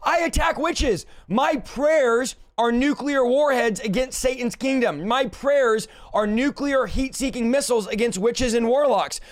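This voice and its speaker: A man's voice: extremely high pitch, measured pace, hardly any pauses. A male host talking in a fervent, emphatic preaching style, stacking up repeated declarations. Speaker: show host. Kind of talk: preaching-style talk show chat.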